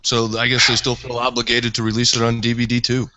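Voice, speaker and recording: A man co-hosting a casual movie commentary, relaxed and explanatory. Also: medium pitch, fast talker, no echo, rough recording. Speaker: podcast co-host.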